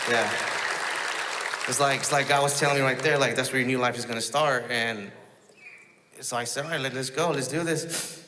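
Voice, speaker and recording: A man telling his personal testimony in a casual storytelling way, halting, with many restarts and quoted asides. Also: mid-range voice, pushed and bright, big-room sound.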